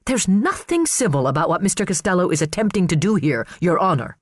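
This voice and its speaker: A man voicing a furious, sharp-tongued female prosecutor who speaks in a biting, indignant way. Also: high-pitched, big pitch swings, a little fast, no echo, clean studio sound, voice pushed up.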